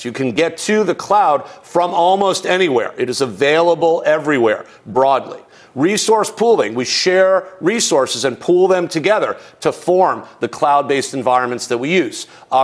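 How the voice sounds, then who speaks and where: A man with a slightly higher voice teaches a recorded tech course. He explains in a loose conversational way, stacking rhetorical questions and casual asides, as if talking straight into a studio mic. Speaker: instructor.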